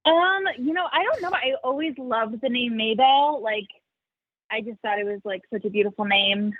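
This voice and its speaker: A chatty young woman with a fairly high voice talks warmly and loosely, filling her answers with "like" and quick laughs. The sound is dry and narrow, as if over a phone line. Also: no room sound. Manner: chatty, many "like" fillers, laughs often. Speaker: sanctuary founder, interview guest. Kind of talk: casual interview answers.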